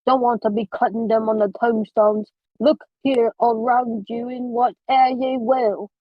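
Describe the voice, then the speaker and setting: A woman reading aloud as a gruff old man with a thick rural dialect, halting over the odd words. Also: a little high, steady tone, dry recording, highs cut off. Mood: grumbling. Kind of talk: amateur read-aloud of a novel.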